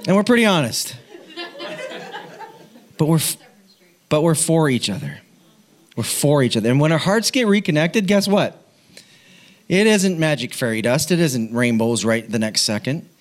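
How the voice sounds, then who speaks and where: Animated, laughing middle-aged male preacher. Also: a little high, normal speed, long pauses. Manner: animated and self-mocking, laughs often, frequent restarts. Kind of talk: personal storytelling sermon.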